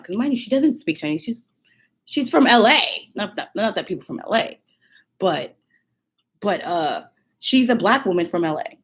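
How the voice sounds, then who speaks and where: A woman vlogger telling a personal story in an animated, casual way, full of fillers and laughs. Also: medium pitch, normal speed, slightly rough. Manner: animated, many fillers, laughs while talking.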